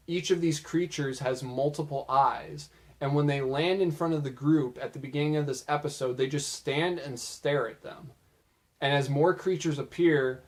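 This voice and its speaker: A young man casually recapping funny anime moments, chatty and loose, with lots of filler words. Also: on the high side. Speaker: video creator.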